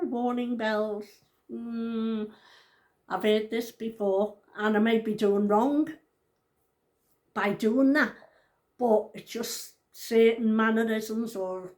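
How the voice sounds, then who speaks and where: A woman's voice: fairly high pitch, darkish tone. Blunt, outspoken woman in her sixties. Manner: blunt and outspoken, swears freely; emphatic, repeats points. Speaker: vlogger. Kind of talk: casual storytelling to camera.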